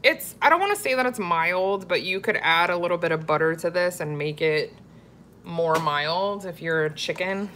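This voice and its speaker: A woman's voice: on the low side, lively intonation, moderate pace, a bit bright, slight background noise. A woman from Florida chatting casually with viewers on a live cooking stream and reading their comments aloud. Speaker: cooking vlogger.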